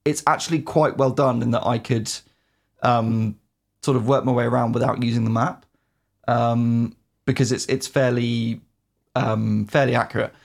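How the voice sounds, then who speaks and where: Gravelly-voiced man, wry and opinionated. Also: mid-range voice, fairly even intonation, moderate pace. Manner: wry, opinionated, laughs often. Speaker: podcast co-host. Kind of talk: casual gaming chat, partly read review.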